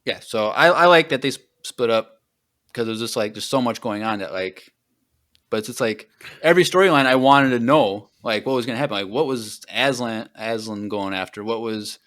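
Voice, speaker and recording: A man's voice: mid-range voice, normal speed, fairly bright tone. A man hosting a podcast, retelling a book in casual, rambling chat full of fillers and trailing off at the ends of thoughts. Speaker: podcast host.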